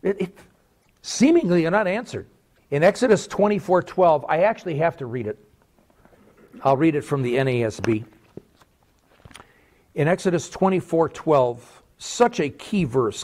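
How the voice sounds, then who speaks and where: A man preaching a sermon as pastor, animated, with repeated rhetorical questions and swings between loud and quiet. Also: fairly high pitch.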